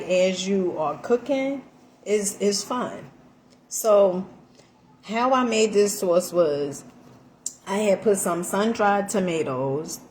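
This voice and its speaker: A woman's voice: fairly low pitch, a little mellow. Woman chatting in her kitchen, calls everyone honey, lots of ums, little bit of noise behind her. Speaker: vlogger. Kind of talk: casual cooking vlog. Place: home kitchen.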